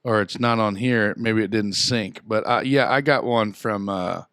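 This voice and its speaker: Bright-voiced joking podcast host. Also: male voice, fairly low pitch, moderate pace, smooth, no room sound, clean studio sound. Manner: rambling storyteller, crude and joking. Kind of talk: casual chat.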